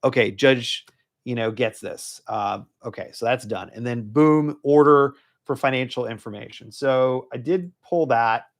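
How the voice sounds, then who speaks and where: A man's voice: mid-range voice, measured pace. A man, working as a divorce lawyer, explaining a court filing in a casual, rambling live stream full of fillers and restarts. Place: law office.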